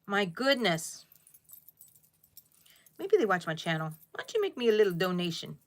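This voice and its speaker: A middle-aged crochet livestreamer keeps up casual live chat, answering viewer comments and regularly calling her audience "people." Her voice is medium-pitched, with big pitch swings and a moderate pace.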